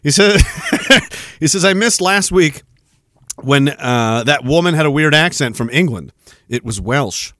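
Male podcast host, high voice, sarcastic, casual chat with laughs, dry close mic, faint music. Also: unhurried, dry recording. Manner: sarcastic, animated, laughs often, swears. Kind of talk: casual livestream commentary reading chat.

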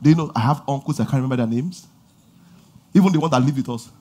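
A man preaching a lively sermon, shouting call-and-response lines and laughing between stories. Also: mid-range voice, fast talker. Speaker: pastor.

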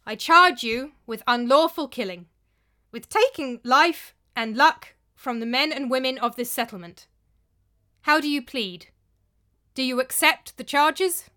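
A woman voicing a nervous young male chieftain who speaks loudly, his voice straining and breaking. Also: a little high, lively intonation, normal speed. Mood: commanding.

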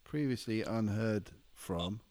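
A man co-hosting a podcast, his voice on the low side and his pace unhurried. He is an agreeable listener who chuckles and backs up his partner. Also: darkish tone. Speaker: podcast co-host. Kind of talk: casual chat.

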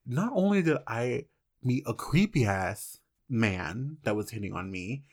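A person in their twenties in casual chat, expressive and blunt, with loud reactions and swearing. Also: mid-range voice, unhurried.

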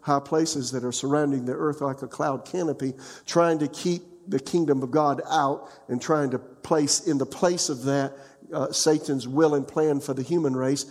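Pastore anziano, predica colloquiale, voce alta, sala riverberante. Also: male voice, a little high, steady tone, normal speed, darkish tone, in a large hall. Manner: conversational preaching, asks the congregation questions. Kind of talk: sermon.

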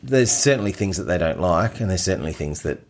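A middle-aged man, co-hosting a casual chat and telling an animated story with frequent laughs. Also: sits low, quick pace, background noise. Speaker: podcast co-host.

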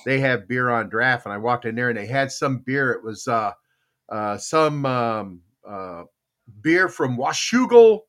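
A man's voice: mid-range voice, expressive, measured pace, fairly bright tone. An older man hosting a casual podcast and chatting with a live chatroom, telling long rambling stories full of fillers and restarts, often with a chuckle. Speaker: podcast host.

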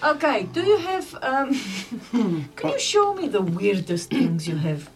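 A woman's voice: fairly high pitch, big pitch swings, a little slow. A woman with a New Zealand accent, a player in a tabletop game, teasing and laughing. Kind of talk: casual chat.

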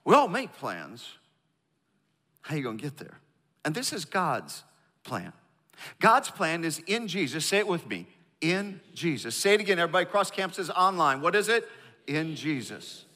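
Bright-voiced pastor preaching in a hall. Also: male voice, a little high, big pitch swings, normal speed. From northern United States. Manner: emphatic, calls congregation to repeat lines. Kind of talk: sermon. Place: large church auditorium.

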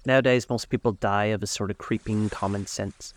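A man's voice: on the low side, steady tone, brisk, natural voice. A man voicing a witty, languid young aristocrat who talks in drawling epigrams.

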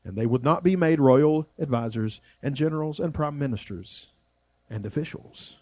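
A man preaching a sermon as pastor, shifting between loud emphasis and quiet, drawn-out phrases. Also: on the high side, no echo.

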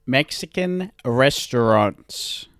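A woman's voice: very deep voice, animated, slow pace, creaky, no echo, clean studio sound. A woman co-hosting a comedy podcast, riffing casually and laughing a lot. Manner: laughs a lot, riffs into shrieking rants. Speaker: podcast co-host.

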